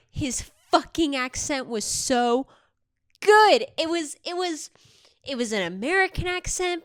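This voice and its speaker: A woman's voice: mid-range voice, fairly bright tone, no echo, studio quality. A young woman vlogging casually into a microphone, gushing and swearing freely. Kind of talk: casual chat. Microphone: handheld microphone.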